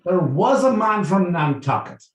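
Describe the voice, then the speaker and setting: A man's voice: high voice, big pitch swings, unhurried, echoey room, recorded from a distance, voice pushed up. A man putting on an Irish accent as a rambling, folksy storyteller. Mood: blustery.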